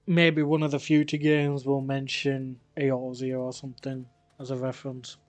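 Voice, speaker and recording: A man's voice: medium pitch, little pitch movement, normal speed, no echo, soft background music. A man chatting casually and swearing offhandedly while playing a game. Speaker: gaming streamer. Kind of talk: casual gameplay commentary.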